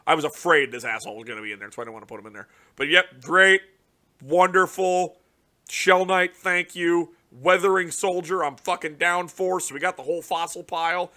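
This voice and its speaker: A young man giving casual, profane reaction commentary on a card game release, ranting in exasperation with sudden loud outbursts. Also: fairly high pitch, a little fast. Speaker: card game content creator.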